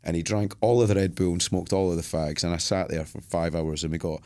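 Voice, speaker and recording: A man's voice: low voice, little pitch movement, a little fast, mellow, no echo, studio quality. A man, a podcast co-host telling a long story in casual chat, swearing freely and acting out everyone he quotes.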